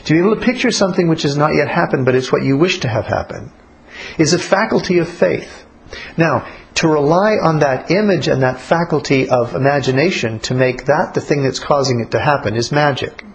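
A man teaching about prayer in a relaxed, conversational way, blunt and colloquial. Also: on the high side, a little fast, vocal fry, a little hiss or hum, poor audio. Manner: blunt, colloquial, acts out little spoken exchanges.

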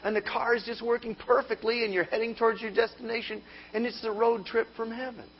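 A man's voice: very high voice, level tone, a little fast, highs cut off, a little hiss or hum. A man preaching a sermon, telling a comic story and acting out mock inner voices.

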